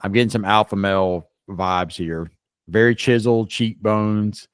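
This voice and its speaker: Low-pitched man, casual co-host, teasing and rambling, dry close mic. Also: fairly even intonation, unhurried, clean tone, no echo. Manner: playfully judgmental, rambling with restarts. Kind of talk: casual group chat.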